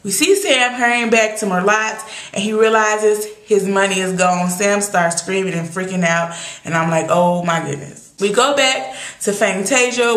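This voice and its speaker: A woman's voice: medium pitch, a bit bright. A young woman recapping a TV episode in casual, sassy, opinionated talk full of exclamations. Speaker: TV recap vlogger. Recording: echoey room.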